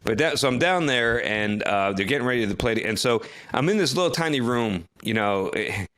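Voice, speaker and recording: A middle-aged man from New Jersey tells a story on a podcast in a relaxed, chatty way. He is lively and acts out what other people said, stumbling over restarts as he goes. His voice sits at an ordinary middle pitch. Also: fairly quick. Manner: animated storyteller who acts out quoted lines, with frequent restarts. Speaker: podcast co-host. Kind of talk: casual storytelling chat.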